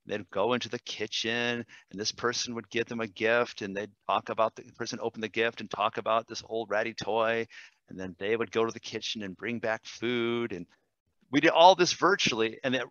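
A man, a language teacher, demonstrating software in a webinar, enthusiastic and quick, with fillers and self-corrections. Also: lowish voice, fairly even intonation, dry recording, highs cut off. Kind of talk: screen-share webinar demo.

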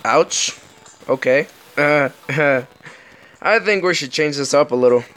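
A man doing let's play commentary, excitable and joking, swearing often. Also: a little high, slow pace. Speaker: gaming commentator.

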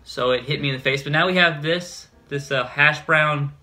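Laid-back teen boy, bright voice. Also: on the high side, moderate pace, soft background music. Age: teens. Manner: laid-back and joking, a bit rambling. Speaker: teen cook. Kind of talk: casual cooking demonstration.

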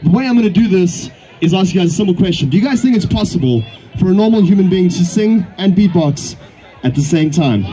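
High-voiced playful showman beatboxer. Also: noisy background. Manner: playful, teasing, showman crowd banter. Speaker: street beatbox performer. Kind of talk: live stage patter with crowd.

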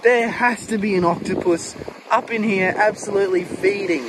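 Vlogger, excited exclamations, slow delivery, strong wind noise on the mic. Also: mid-range voice. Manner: exclaims often, thrilled and disbelieving. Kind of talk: excited shelling vlog. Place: beach at low tide, outdoors. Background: wind and open-air ambience.

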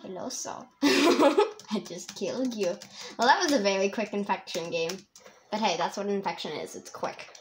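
A woman giving rambling, excitable let's-play commentary as a young YouTuber, laughing often. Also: fairly high pitch, normal speed, slight background noise. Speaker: gamer and YouTuber.

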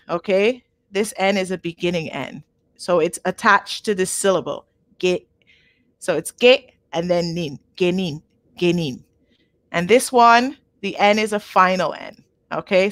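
A woman teaching a live online language lesson, patient and clear, modelling each word twice and checking in with "okay?". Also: medium pitch, dry recording. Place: home.

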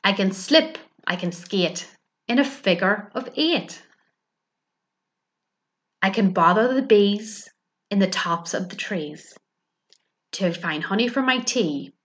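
A woman's voice: mid-range voice, lively intonation, slow pace, pauses often. A woman voicing a childlike, eager little bear who is easily upset, in a children's storybook reading. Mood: proud. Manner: childlike and pleading.

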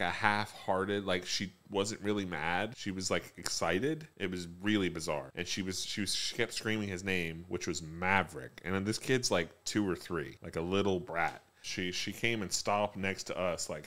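A man telling a rambling, profane, self-pitying story in a deadpan comic monologue. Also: sits low. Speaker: comedic monologue host.

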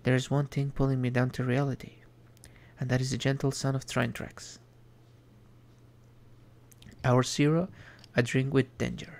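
A man streaming an indie game, reading its text aloud in a measured, reflective way with small asides. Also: mid-range voice, flat delivery.

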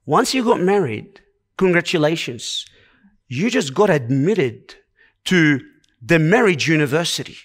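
A high-pitched man preaches a sermon at an unhurried, deliberate pace, his delivery sing-song. He's earnest, piling up short, repeated commands to drive each point home.

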